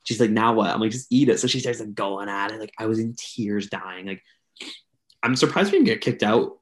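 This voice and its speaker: A man's voice: on the low side, animated, fairly quick. A young man from Canada, a podcast co-host, telling a long, rambling story to friends with lots of fillers. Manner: rambling, filler-heavy, chatty. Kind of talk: casual storytelling among friends.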